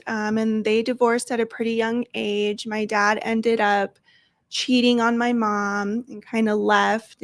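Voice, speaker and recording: Woman guest, Valley-girl sound, slightly high voice, open and emotional, dry close mic. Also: no echo. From Colorado, USA. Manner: open and emotional, quick to tear up. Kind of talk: sharing a personal recovery story. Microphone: close studio microphone.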